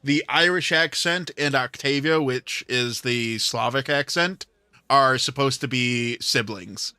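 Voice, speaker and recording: A man's voice: mid-range voice, unhurried, pushed and bright, smooth, no echo. A man hosting a livestream, telling a rambling story in casual chat with plenty of filler words. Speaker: livestream host.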